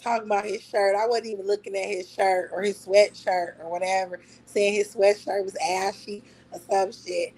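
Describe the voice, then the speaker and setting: A woman's voice: medium pitch, fairly even intonation, moderate pace, few pauses, a little mellow, husky, rough recording. A woman hosting a casual livestream, mocking and trash-talking someone with bursts of laughter. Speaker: livestream host. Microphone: talking to a phone on a live stream.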